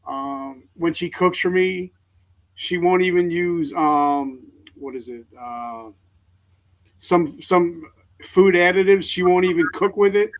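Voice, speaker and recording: A middle-aged man, a veteran guest on an interview show, speaking earnestly and openly in halting sentences. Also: high voice. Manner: earnest, halting, emotionally open. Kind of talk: candid interview talk.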